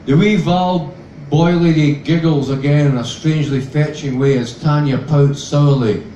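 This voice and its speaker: A man's voice: on the high side, fairly even intonation, normal speed, dark tone, a little hiss or hum. A man reading his novel aloud in a dry, sardonic first-person voice. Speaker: author reading. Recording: roomy sound from a distant mic with faint ambience.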